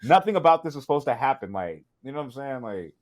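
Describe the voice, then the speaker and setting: A male podcast co-host rants in loose, slang-heavy chat, his pitch bouncing up and down as he tells stories. He breaks into laughter often and talks in rambling bursts. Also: sing-song, quick pace.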